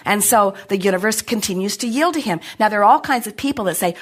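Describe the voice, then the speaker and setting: A woman's voice: medium pitch, a little fast, few pauses, breathy edge. Emphatic middle-aged woman giving a seminar talk. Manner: emphatic, animated, speaks as "we". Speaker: spiritual speaker answering an audience.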